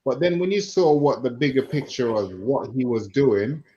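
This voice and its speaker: A man co-hosting a casual film chat, easygoing with drawn-out phrasing. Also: medium pitch, expressive, mellow, lo-fi sound. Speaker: podcast co-host.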